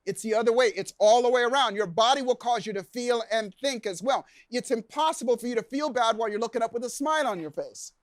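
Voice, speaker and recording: A man giving a motivational seminar talk to a live audience, telling stories with acted-out shouts and gasps and coaxing the crowd to join in. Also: very high voice, fast, few pauses, no echo. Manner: animated storyteller, acts out shouts and gasps, coaxes audience. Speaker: keynote speaker. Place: event lounge before a live audience.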